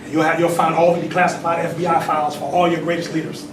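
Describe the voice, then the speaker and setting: A man in his forties teaches a congregation in a temple. His voice is high, and the mic sits far from him in an echoey hall with steady noise behind. He asks questions of the room and laughs between points. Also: quick pace. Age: 40s. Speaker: religious teacher. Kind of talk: sermon with call and response.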